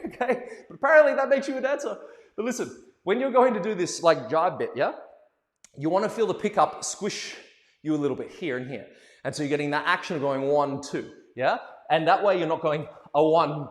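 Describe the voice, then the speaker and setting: A man with a fairly high voice runs a playful, animated ballroom dance lesson, cracking jokes and counting the rhythm out loud. His voice bounces around an echoey room with a long, ringing reverb. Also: brisk. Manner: playful, animated, joking asides, counting beats aloud.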